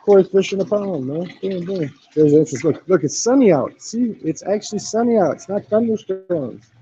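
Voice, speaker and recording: Pitched high with lively intonation, a man speaks a little fast and warmly while walking through a Thai hostel on a phone-camera live stream. Laid-back and profane, he keeps dropping "man." The recording has its highs cut off and slight background noise.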